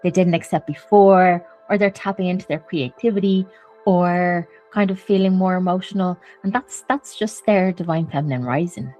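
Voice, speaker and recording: A woman host in casual conversation, gently affirming and reflecting back to her guest. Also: fairly low pitch, normal speed, soft background music.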